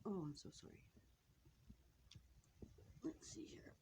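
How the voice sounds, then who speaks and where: A woman filming her pet finches indoors, talking casually and haltingly, upset and close to tears, often apologizing and restarting. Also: a little high, a little mellow, a little hiss or hum. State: tearful, upset. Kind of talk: casual off-the-cuff narration to camera. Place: indoors at home near a birdcage.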